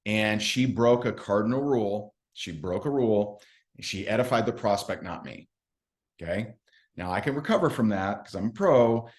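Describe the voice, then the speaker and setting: Brief: male sales trainer with a lowish voice, casual storyteller who jokes about himself. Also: lively intonation, normal speed. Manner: chatty, self-mocking, acts out quotes. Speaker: network marketing trainer.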